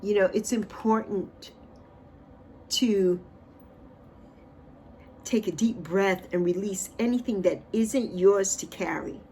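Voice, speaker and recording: An expressive woman in her sixties gives an uplifting tarot reading on her livestream. Her voice sits at a middle pitch and swings up and down and louder and softer as she repeats key phrases slowly. A faint noise runs under the recording. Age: 60s. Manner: repeats phrases, drawn-out affirmations. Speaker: spiritual livestream host.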